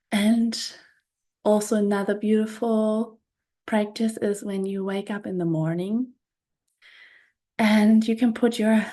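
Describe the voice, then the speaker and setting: Slow, soft-spoken woman podcast host. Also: medium pitch. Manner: soft, unhurried, repeats words and phrases. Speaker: podcast host and spiritual coach. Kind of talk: slow reflective monologue.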